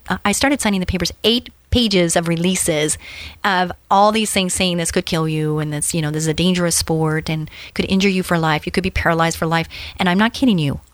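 A middle-aged woman with a lowish voice speaks in an earnest, storytelling way as she hosts a faith talk show. Her delivery lifts with excitement when she urges listeners on. The sound is dry and close. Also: no echo. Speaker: show host.

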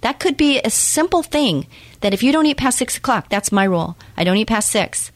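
A woman's voice: fairly high pitch, animated, fairly quick, dry recording. Earnest, encouraging woman radio host. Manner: earnest, encouraging, repeats key points. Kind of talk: faith-based motivational talk.

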